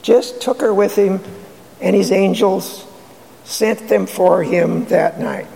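A man's voice: sits high, gravelly, darkish tone. A man preaching an earnest sermon as pastor, pressing rhetorical questions with emphasis, recorded in a church sanctuary. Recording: long hall reverb.

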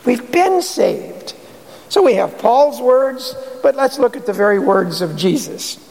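A man's voice: very high voice, lively intonation, moderate pace, creaky, darkish tone. A man preaching an earnest sermon as pastor, pressing rhetorical questions with emphasis, recorded in a church sanctuary. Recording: long hall reverb.

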